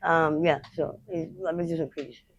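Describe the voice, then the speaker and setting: A woman interviewed outdoors on the street, recounting her experiences in a blunt, unfiltered way with halting restarts. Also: low-pitched, steady tone, no echo, muffled recording. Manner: rapid, halting retelling. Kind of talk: candid personal storytelling.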